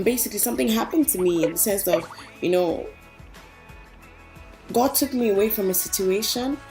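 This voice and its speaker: A woman's voice: medium pitch, a little mellow. A young woman talking earnestly and casually to her viewers about her faith, like an online vlogger. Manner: earnest and chatty, addresses viewers as guys. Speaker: Christian vlogger. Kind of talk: casual inspirational faith talk.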